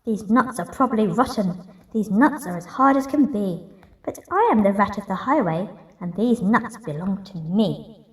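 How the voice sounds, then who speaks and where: A woman voicing a greedy, boastful male rat highwayman in a gruff, swaggering voice, reading a picture book aloud. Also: expressive, moderate pace, natural voice. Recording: roomy echo, distant mic.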